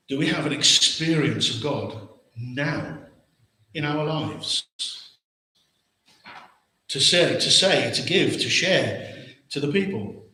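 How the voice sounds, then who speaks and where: An English-accented man delivers a sermon as pastor, earnestly piling up rhetorical questions and repeating words. His pitch is a little high, with a pushed, bright quality, and the church hall recording is heavily echoey.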